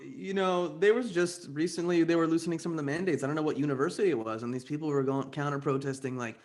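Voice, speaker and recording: A man hosting a podcast in relaxed, agreeable casual conversation, chiming in with frequent affirmations. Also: on the high side, quick pace. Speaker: podcast host.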